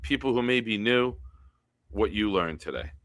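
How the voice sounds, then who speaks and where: A man with a low voice hosts a casual sports live stream. He has a bright, forceful tone and reads chat comments aloud in an animated way. The sound is dry and close. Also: normal speed, dry recording.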